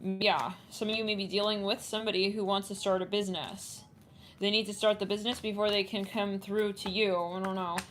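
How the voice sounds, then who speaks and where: A woman's voice: mid-range voice, steady tone, fairly quick. A woman giving a casual tarot reading to her viewers, chatting and thinking aloud as she trails off and restarts. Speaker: tarot reader. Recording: audible background noise and clicks.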